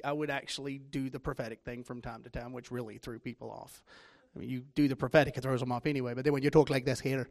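A man with a Southern US accent preaching a sermon, telling stories with self-deprecating humor. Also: fairly high pitch. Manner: joking, self-deprecating storytelling.

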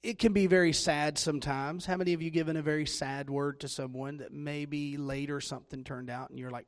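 A man's voice: on the high side, steady tone, brisk, hardly any pauses. A man with a Southern US accent preaching a sermon, telling stories with self-deprecating humor. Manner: joking, self-deprecating storytelling.

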